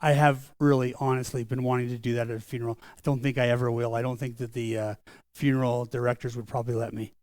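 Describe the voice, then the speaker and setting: An older man preaching a sermon as pastor, earnest and conversational, slowing down for solemn lines. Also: mid-range voice, little pitch movement, a little mellow, no room sound, studio quality. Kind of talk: sermon storytelling. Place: church sanctuary.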